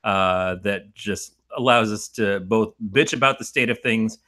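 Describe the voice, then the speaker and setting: A middle-aged man co-hosting a movie podcast, talking casually and rambling between points. His voice is bright and forceful. He is animated and swears freely. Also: on the low side, unhurried. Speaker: podcast co-host.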